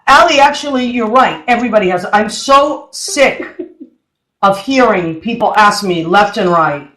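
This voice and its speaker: A woman hosting a radio talk show, telling stories in a chatty, excitable way full of exclamations. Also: medium pitch, unhurried, echoey room, low-quality recording. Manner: chatty storyteller with lively exclamations. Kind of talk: casual chat. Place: radio studio.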